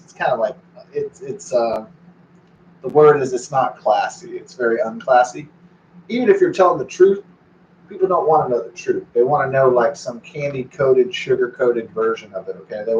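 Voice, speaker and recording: His voice is mid-range and moderately paced, and he pauses often. This forties-aged man wanders casually from thought to thought, swearing and breaking off to speak to his dog, captured in an echoey, distant, dull recording with a little hiss or hum.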